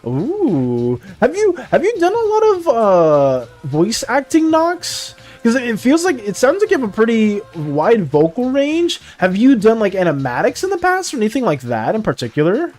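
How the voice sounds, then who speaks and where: Young male streamer, high, bouncy voice, rambling and apologetic, soft music underneath. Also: normal speed, hardly any pauses. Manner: animated, apologetic, rambling with frequent restarts and laughs. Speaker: art streamer chatting with viewers. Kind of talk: casual live-stream chat.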